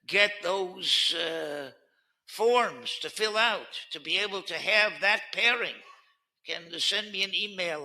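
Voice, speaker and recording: Man, rabbi, Torah lecture, earnest teaching, punchy stress on key words, somewhat high, very bright tone. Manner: earnest teaching tone, sprinkled with Hebrew terms, rising sharply on key words. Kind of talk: Torah lecture on current events.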